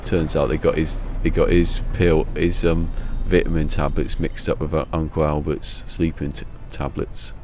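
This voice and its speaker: A game streamer with a remarkably low, deep voice talks in a loose, rambling way, chuckling as he goes. A constant low rumble sits clearly behind him. It sounds like relaxed, unscripted chat during play. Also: moderate pace, hardly any pauses. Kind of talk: casual chat while gaming.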